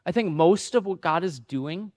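A man's voice: high-pitched, animated, normal speed, darkish tone. A man preaching a sermon in a conversational, self-deprecating way, acting out the voices of the people he quotes. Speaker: pastor.

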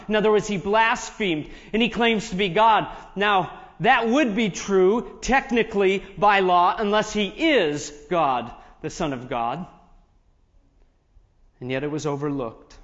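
Man preaching a sermon, fairly high voice, long hall reverb, muffled audio. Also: moderate pace, a bit bright. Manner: reads scripture aloud, then explains it in asides. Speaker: pastor. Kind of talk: sermon with scripture reading.

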